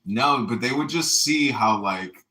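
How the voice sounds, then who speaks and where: A man's voice: mid-range voice, animated, a little slow, pushed and bright, low-quality recording. An American man chatting casually over a phone, telling meandering stories and quoting other people. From United States. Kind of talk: casual chat.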